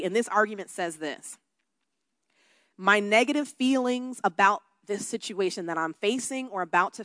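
A woman who is a worship leader preaching a sermon to a congregation, switching between soft talk and loud shouted emphasis. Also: mid-range voice, no echo. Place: church room with a congregation.

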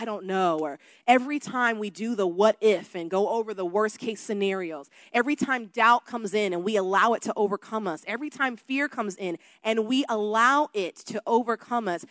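Bright-voiced woman preaching a sermon. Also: mid-range voice, dry recording. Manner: emphatic, shifts between soft talk and loud shouting. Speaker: worship leader and preacher. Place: church room with a congregation.

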